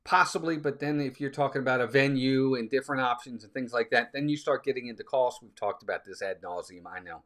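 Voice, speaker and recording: A man's voice: medium pitch, fast, few pauses, a bit bright. A man hosting a casual live stream, chatting with viewers and reading out their comments. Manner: chatty, reads out viewer comments, sneezing fits.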